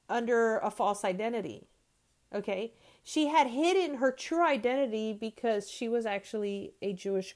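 Woman in her 50s chatting on her faith podcast, kinda high voice, keeps going "right?". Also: a little mellow. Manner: conversational, frequent "right?" and restarts. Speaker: podcast host. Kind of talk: faith-based podcast teaching.

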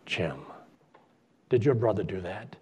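A man voicing an earnest preacher who speaks gently and consolingly. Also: fairly low pitch, expressive, a little slow, breathy edge, pitched below the performer's own voice, full character voice. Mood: concerned. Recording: dull lo-fi recording.

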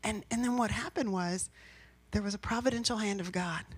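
A woman's voice: medium pitch, brisk, breathy edge. A woman pastor giving a sermon in a personal, conversational way, rising into emphatic bursts.

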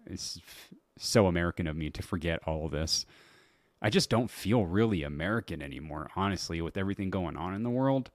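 A man's voice: sits low, no room sound, clean studio sound. A man hosting his own podcast, chatting loosely and laughing at his own stories, with lots of swearing. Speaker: podcast host. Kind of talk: casual solo podcast talk.

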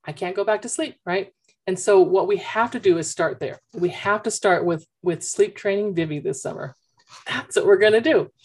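A woman coach talking with parents in an animated, chatty storytelling way, through a headphone mic. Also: mid-range voice, normal speed, slightly rough. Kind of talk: consultation with parents.

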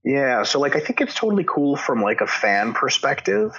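A man's voice: medium pitch, moderate pace, a little hiss or hum. A man talking as a podcast guest in casual chat, ranting with lots of swearing. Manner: profane, animated ranting. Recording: dull lo-fi audio.

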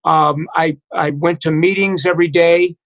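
A middle-aged man with a high-pitched voice tells his own story in conversation. He speaks haltingly and reflectively, restarting his sentences and filling pauses often. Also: steady tone, fairly bright tone, low-quality recording. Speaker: guest. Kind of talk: personal recovery story in conversation.

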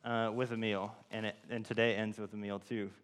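A man's voice: fairly low pitch, level tone, brisk. Man preaching casually in an echoing hall. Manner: rambling, many fillers and restarts. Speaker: church speaker. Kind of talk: informal sermon with personal story. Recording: long hall reverb.

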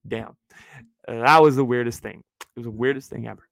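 A man in his twenties from California, telling a story on his podcast in an animated, chatty way. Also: mid-range voice, creaky, no room sound, low-quality recording. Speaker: podcast host.

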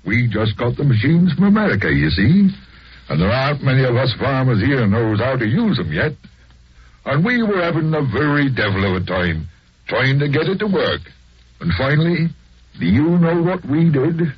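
A man's voice: mid-range voice, very animated, moderate pace, slightly rough. A man playing a chatty rural English farmer with a folksy Buckinghamshire accent, in 1940s radio acting on a dull lo-fi recording. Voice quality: folksy, rustic.

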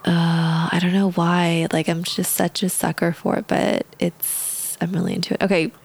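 A woman co-hosts a casual podcast in a fairly low voice. She talks in a chatty, hesitant way, full of fillers and easy laughter. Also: flat delivery, normal speed, gravelly, breathy edge. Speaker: podcast co-host.

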